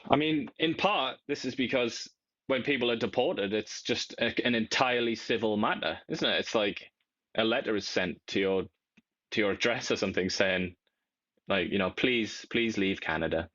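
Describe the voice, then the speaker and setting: A man's voice: on the low side, moderate pace, a bit bright, muffled recording. A man co-hosting a talk show, chatting with wry, ironic asides. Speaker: co-host. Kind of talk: casual political chat.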